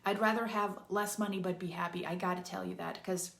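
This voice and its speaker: A woman hosting her own channel, giving casual advice straight to camera in a chatty, animated way and acting out the voices of people she quotes. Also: lowish voice, fairly quick, vocal fry, reverberant. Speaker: channel host.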